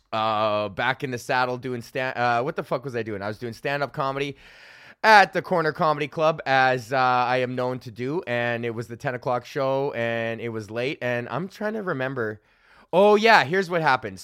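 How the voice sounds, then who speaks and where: A man's voice: mid-range voice, fairly bright tone, dry recording. A young man hosting his podcast as a stand-up comedian, ranting in a loose, profane, rambling way full of fillers, into a studio mic on a stand. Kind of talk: casual ranting monologue.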